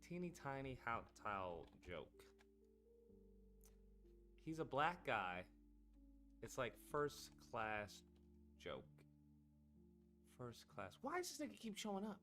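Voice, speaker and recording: A man chatting casually on a live stream, with a bright, forceful voice that swings widely up and down in pitch. He rambles and swears as he talks to his viewers, with faint music playing under him. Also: wildly swooping pitch, slow, pauses often. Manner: rambling and profane, talking to chat. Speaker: streamer host.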